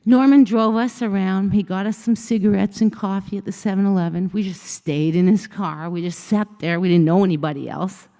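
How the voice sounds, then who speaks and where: A woman speaker on a conference stage, her voice mellow and slightly gravelly. She tells a personal story with lively energy and slips into different voices for each character. The sound carries a long reverb from a large hall. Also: mid-range voice, fairly quick, few pauses. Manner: vivid storytelling, acting out dialogue with shifting voices. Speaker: motivational speaker. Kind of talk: storytelling keynote speech.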